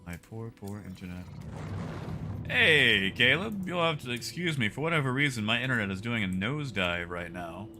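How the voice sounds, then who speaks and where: A man's voice: medium pitch, very animated, moderate pace, pushed and bright, soft background music. A man streaming a game live, chatting casually with his viewers by name while he plays.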